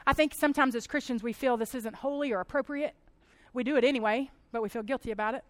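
A woman speaks to a group in a chatty, animated sermon, laughing as she goes. Her voice sits high and bright in pitch. The sound is close and dry, with almost no room echo. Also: fast. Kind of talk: casual sermon talk.

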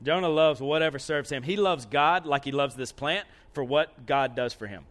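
A man preaching a lively, conversational sermon. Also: fairly high pitch, normal speed.

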